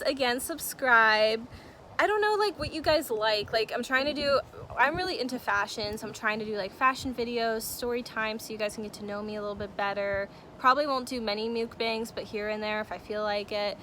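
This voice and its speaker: A young woman shares a personal story-time with her viewers, chatty and full of feeling. Her voice is bright and sits a little high. A faint hum runs behind her. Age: young adult. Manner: chatty, emotional, many fillers. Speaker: vlogger. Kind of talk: casual story-time vlog.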